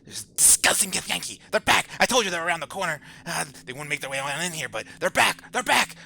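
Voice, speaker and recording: A man voicing a frantic little digging minion who yells eagerly about killing. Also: animated, fast talker, gravelly, heavily acted. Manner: yelling, frantic, high. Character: frantic small male digging minion, bloodthirsty and shrill.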